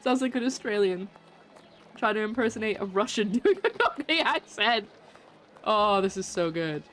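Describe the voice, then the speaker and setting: A woman's voice: mid-range voice, very animated, moderate pace, a bit bright, a little hiss or hum. A woman streaming a video game and chatting casually as she plays, giggling often and making fun of herself. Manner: giggly, chatty, self-mocking. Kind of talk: casual let's-play commentary.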